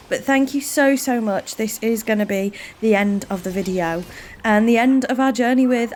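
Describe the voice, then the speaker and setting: A woman hosting her gaming channel, giving chatty, rambling let's-play commentary and warmly thanking her viewers. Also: a little high, unhurried, a little hiss or hum.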